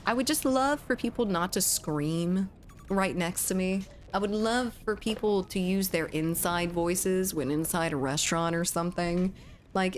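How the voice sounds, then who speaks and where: A woman's voice: deep voice, a little hiss or hum. A young woman chatting casually with her chat while playing a shooter on a livestream, swearing freely and reacting to the game. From United States. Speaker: streamer.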